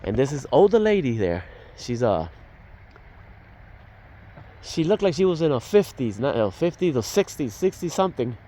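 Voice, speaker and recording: A man's voice: medium pitch, sing-song, normal speed, long pauses, mellow. An older man telling a personal testimony in a casual, rambling way, with restarts and fillers and the dialogue acted out as he goes. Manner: reenacts dialogue as he tells it. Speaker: storyteller.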